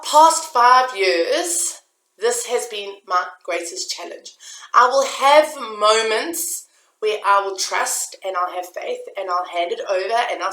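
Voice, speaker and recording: A woman's voice: a little high, fairly bright tone, roomy sound, rough recording. A woman giving an earnest, confessional motivational talk straight to her listeners. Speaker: self-help vlogger. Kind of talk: personal motivational talk to camera.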